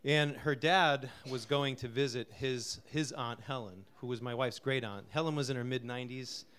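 A middle-aged man from Connecticut introduces a song he wrote, talking softly and haltingly with many fillers. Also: mid-range voice, clear, resonant tone. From Connecticut, USA. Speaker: singer-songwriter introducing a song. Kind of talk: casual spoken intro before a live song.

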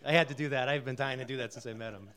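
A middle-aged man from Connecticut introduces a song he wrote, talking softly and haltingly with many fillers. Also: medium pitch, steady tone. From Connecticut, USA. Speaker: singer-songwriter introducing a song. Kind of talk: casual spoken intro before a live song.

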